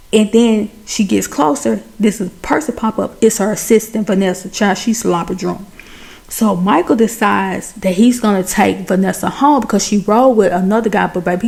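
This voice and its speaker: A woman retelling a movie plot in a chatty, animated way, talking straight to her viewers. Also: medium pitch, vocal fry. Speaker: movie recap host. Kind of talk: casual movie recap.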